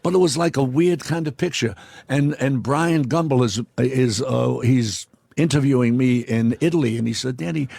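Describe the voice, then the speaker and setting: A man, a guest in an interview, telling profane anecdotes in a blunt, animated way and acting out the dialogue. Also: mid-range voice, normal speed, creaky, no echo.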